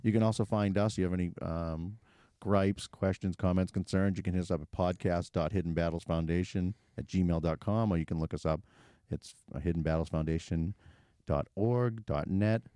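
A man's voice: low-pitched, steady tone, moderate pace, warm tone, smooth, no room sound, clean studio sound. A man from the Boston area with a Boston accent, hosting a podcast in casual chat, joking and rambling, often breaking off mid-sentence. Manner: joking, rambling, self-interrupting. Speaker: podcast host.

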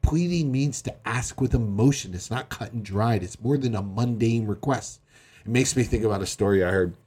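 A man's voice: medium pitch, moderate pace, darkish tone, slightly rough. A middle-aged man preaching a sermon as pastor, earnest and emphatic, acting out quotes along the way.

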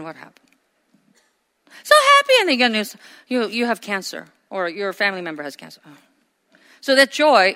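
A high, bright-voiced woman in her forties preaching with lively emphasis, one moment calling out loudly and the next dropping to a near-conversational hush. Her voice rings through a long, reverberant hall. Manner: animated preaching, swinging between loud emphasis and quiet asides. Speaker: pastor. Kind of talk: sermon.

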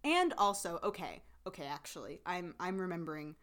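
A woman co-hosting a casual show recap podcast, animated and rambling, laughing often and full of fillers. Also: lowish voice, a little fast. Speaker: podcast co-host.

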